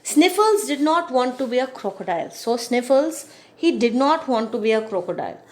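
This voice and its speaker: A woman's voice: high voice, big pitch swings, moderate pace. A woman reading a storybook to children as a teacher, patiently explaining each hard word and repeating phrases.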